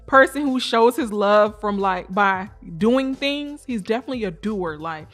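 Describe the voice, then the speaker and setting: A young woman co-hosting a casual podcast with her partner, animated and teasing, with a Black way of talking. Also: medium pitch, faint music behind. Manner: animated, teasing, quick bursts of loud emphasis. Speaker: podcast co-host. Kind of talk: casual couple chat.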